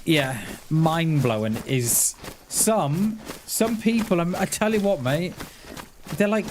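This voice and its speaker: A man's voice: a little high, darkish tone. A man streaming a survival game, chatting casually and answering his viewers, calling them mate and dude. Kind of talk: casual live-stream chat. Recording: clear game noise behind the voice.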